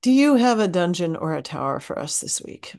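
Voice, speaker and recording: A playful woman podcast co-host, teasing and joking in easy conversation. Her voice sits a little low for a woman. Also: sing-song, brisk, darkish tone. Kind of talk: casual chat.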